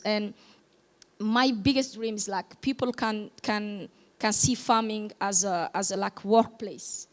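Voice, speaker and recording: A woman from Djibouti whose first language is Somali, speaking on a panel in English and often pausing to search for words. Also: mid-range voice. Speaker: panelist, farmer and podcaster. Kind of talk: panel discussion.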